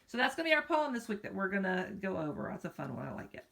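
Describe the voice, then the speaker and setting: A woman's voice: medium pitch, big pitch swings, fast, gravelly, a bit bright. Upbeat woman teaching young kids phonics. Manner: upbeat, coaxing teacher talk with questions to the kids. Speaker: elementary teacher. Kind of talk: recorded phonics lesson for young children. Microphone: phone.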